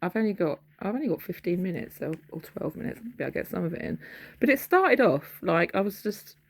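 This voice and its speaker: A woman's voice: on the low side, big pitch swings, a little fast, gravelly. A middle-aged woman, casually rambling through a dream she had, often losing her thread and searching for words.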